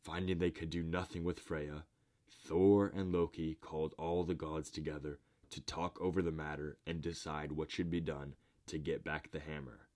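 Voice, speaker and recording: A man narrating a myth in a measured, deliberate storybook reading. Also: a bass voice.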